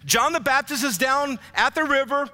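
A man preaching a lively sermon as pastor, acting out biblical dialogue for his congregation in church. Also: very high voice, normal speed. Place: church sanctuary. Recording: live hall reverb with faint music.

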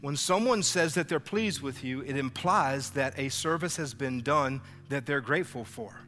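A man preaching a lively sermon as pastor, acting out biblical dialogue for his congregation in church. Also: mid-range voice, normal speed. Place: church sanctuary. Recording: live hall reverb with faint music.

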